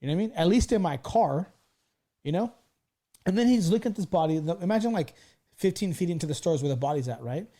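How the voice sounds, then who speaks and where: High-pitched, warm and expressive, this forties-aged man rattles along quickly as host of a laid-back podcast. He's an animated storyteller who doesn't hold back on the swearing.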